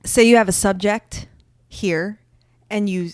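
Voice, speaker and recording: A giggly woman co-hosting a chatty podcast, her voice sitting at an ordinary middle pitch. The sound is dry and close, with no room around it. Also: steady tone, slow, a little mellow, smooth, no room sound. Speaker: podcast co-host. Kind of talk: casual chat.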